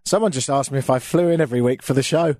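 A man's voice: mid-range voice, quick pace, a little mellow, no room sound. A man with a British accent hosting a talk radio show, chatting in a casual, self-mocking, grumbling way into a studio microphone.

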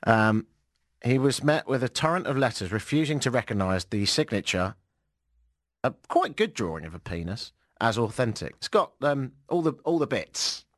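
A man's voice: medium pitch, big pitch swings, normal speed, no room sound. A man hosting a radio show, reading odd news stories aloud with dry, mocking asides. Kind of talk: wry radio news segment.

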